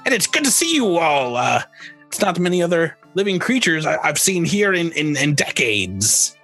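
A raspy, slightly muffled desert captain, a weathered soldier woman, pitched high and speaking through a battered mask, as a man puts her on. She sounds gruff and wary, asking questions as she goes. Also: very animated, moderate pace, sharp tone, soft background music, exaggerated voice. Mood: gruff, curious.

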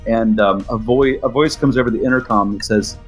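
A man's voice: mid-range voice, brisk, soft background music. A man narrating as the game master of a tabletop role-playing game, speaking casually with many fillers and building drama.

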